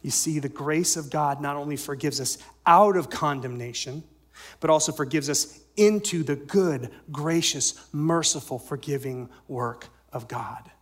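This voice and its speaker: A man's voice: fairly high pitch, a little slow. Man preaching with dramatic dynamics. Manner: dynamic preaching, swings from loud emphasis to soft near-whispers; asks the congregation rhetorical questions. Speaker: pastor. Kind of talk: sermon.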